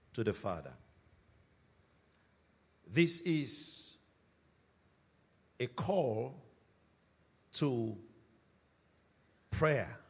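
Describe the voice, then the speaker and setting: Man preaching slow, kinda husky, repeats his points, dull lo-fi church recording. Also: mid-range voice. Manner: emphatic repetition, slow deliberate phrasing. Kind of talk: sermon.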